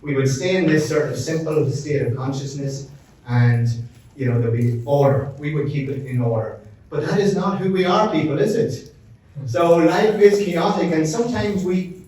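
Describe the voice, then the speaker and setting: A man's voice: fairly high pitch, warm tone. A middle-aged Irish man giving an upbeat live seminar talk, joking with the audience and calling people by name. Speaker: resilience consultant presenting a session. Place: large event room. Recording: very roomy, mic at a distance.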